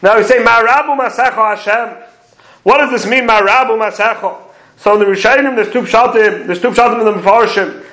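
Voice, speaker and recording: Very high-pitched male Torah teacher, methodical explainer, roomy echo. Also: a little fast, sharp tone. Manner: explains commentaries step by step, quoting Hebrew phrases. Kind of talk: prayer commentary lecture.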